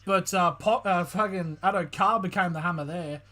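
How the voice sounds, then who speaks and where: A man giving excitable live play-by-play reaction commentary as a streamer, swearing freely between calmer calls. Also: high voice, moderate pace. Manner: excitable, swears a lot, shifts from calm calls to loud outbursts.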